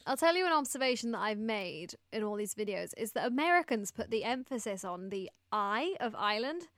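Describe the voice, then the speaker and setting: A woman's voice: fairly high pitch, very animated, a little fast, a bit bright, no room sound. Playful nineteen-year-old woman. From United Kingdom. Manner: playful, joking. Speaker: podcast co-host. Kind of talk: casual chat.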